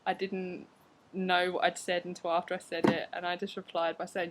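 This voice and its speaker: A woman's voice: on the low side, level tone, moderate pace, heavy background noise. A young woman chatting to camera at home, telling stories with lots of fillers and acted-out reactions. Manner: chatty, frequent fillers, acts out her reactions. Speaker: vlogger. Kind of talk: casual storytelling to camera. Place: at home, indoors.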